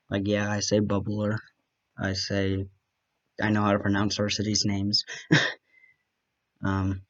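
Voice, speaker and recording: A man's voice: on the low side, dull audio. A young man from Wisconsin with a light Wisconsin accent, rambling chattily and self-deprecatingly in a solo monologue, bantering with himself. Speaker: podcast host.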